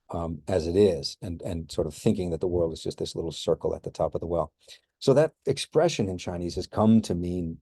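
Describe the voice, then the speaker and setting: A male history professor talks through a recorded course introduction in a low, mellow voice. He is relaxed and unhurried, full of ums and restarts, and the sound is dry and close to the mic. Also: no echo. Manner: relaxed, many fillers and restarts.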